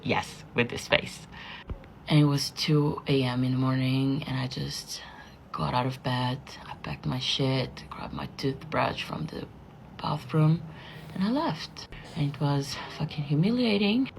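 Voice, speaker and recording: Woman, very deep voice, gravelly, candid story, slight background noise. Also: measured pace, a little mellow. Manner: candid, drops into whispers. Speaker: interviewee. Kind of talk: casual storytelling.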